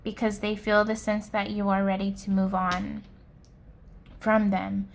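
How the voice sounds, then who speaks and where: Slow, soft-spoken woman reading tarot. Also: mid-range voice, little pitch movement, vocal fry, a little hiss or hum. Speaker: tarot reader. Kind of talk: pick-a-card tarot reading.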